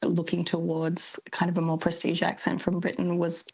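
A woman's voice: lowish voice, monotone, normal speed, creaky, a little mellow, breathy edge, low-quality recording. A woman linguistics academic being interviewed on the radio, speaking thoughtfully and hesitating with many ums.

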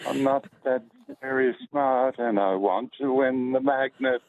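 A man's voice: medium pitch, unhurried, no echo. A man calling in to a radio quiz, hesitant and self-deprecating. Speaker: caller. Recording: dull phone line.

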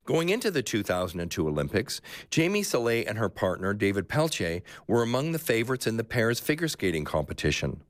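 Low voiced guy narrating a radio sports doc, lots of up and down in his voice, soft music behind. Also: big pitch swings, fairly quick, hardly any pauses, no echo, clean studio sound. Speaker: radio documentary host and narrator. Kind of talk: scripted documentary narration with interview questions.

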